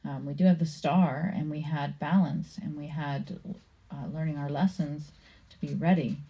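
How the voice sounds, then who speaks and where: A woman giving a casual tarot card reading, musing aloud slowly with many pauses and reading card meanings from a book. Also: sits low, fairly even intonation, warm tone, breathy edge, muffled recording. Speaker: tarot reader.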